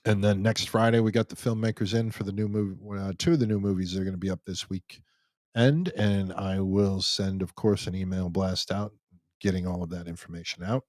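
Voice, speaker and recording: Guy doing a live q&a stream, real low voice, dry close mic, rambly and jokey. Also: little pitch movement, a little fast, a little mellow, no room sound. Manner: rambling and joking, many restarts. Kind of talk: casual live-stream chat reading viewer comments.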